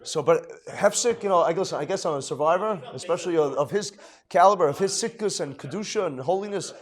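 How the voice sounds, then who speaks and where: A middle-aged man, a rabbi giving an informal Torah lecture, rambling with many restarts, dropping Hebrew and Yiddish terms into English, swinging between hushed and emphatic. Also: sits high, brisk. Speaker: rabbi teaching a class.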